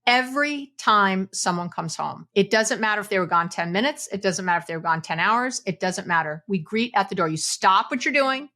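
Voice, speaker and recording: Woman psychologist, podcast guest; animated advice-giver who voices quoted lines. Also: medium pitch, brisk, few pauses. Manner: animated, acts out quoted lines, laughs often. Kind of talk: podcast conversation, giving advice.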